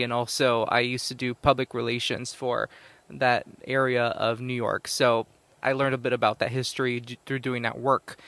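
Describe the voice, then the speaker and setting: A man's voice: mid-range voice, a bit bright, no echo. Chatty man podcasting outdoors. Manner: chatty, rambling, self-correcting. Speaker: podcast host, psychic medium. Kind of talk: casual solo podcast. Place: outdoors in a cemetery. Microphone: handheld microphone recorded to a tablet.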